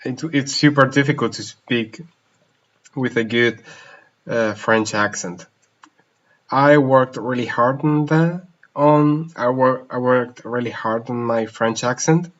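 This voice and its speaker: On a slightly dull, lo-fi stream, a language teacher hosts a casual live Q&A. His voice is medium-pitched and slow, and he reads questions aloud while shifting between languages in the middle of sentences.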